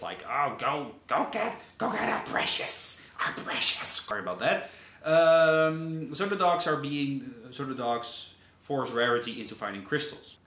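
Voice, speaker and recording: A man's voice: mid-range voice, sharp tone. A man hosting a casual commentary video, rambling, repeating words and often apologizing. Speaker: video host. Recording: echoey room.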